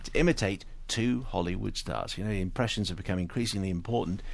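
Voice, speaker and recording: A man presenting a radio talk show, smooth and wry, steering the conversation along. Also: deep voice, quick pace, no echo. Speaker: radio host. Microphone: studio microphone.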